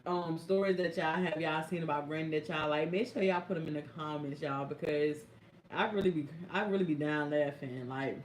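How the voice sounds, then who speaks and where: A young woman caregiver telling stories on a live stream, speaking AAVE and talking to viewers in a lively, chatty way. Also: low-pitched, brisk, slight background noise. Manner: animated, chatty, addresses viewers as y'all and baby. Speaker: caregiver vlogger. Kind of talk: casual live-stream storytelling. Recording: echoey room.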